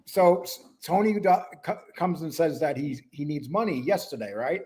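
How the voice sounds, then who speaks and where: A slightly high, animated male voice, a little mellow and at a moderate pace. He's a New Yorker with a blended New York and Wisconsin accent who hosts a casual podcast, talking a lot and drifting between topics.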